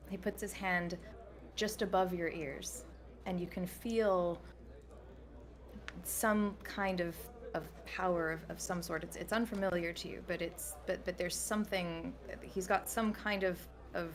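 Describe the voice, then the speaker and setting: A woman running a tabletop game as dungeon master, narrating with halting, searching phrasing. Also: on the low side. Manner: halting, searching for words while describing.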